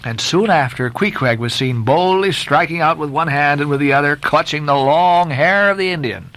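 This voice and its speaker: A man reading a classic novel aloud as a narrator, dramatic and expressive. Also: a little high, moderate pace, no room sound. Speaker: audiobook narrator.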